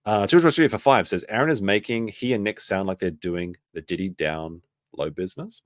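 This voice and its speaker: A man's voice: on the low side, fairly quick, no echo, studio quality. A man hosting a casual commentary stream, reading chat messages aloud and joking about clips.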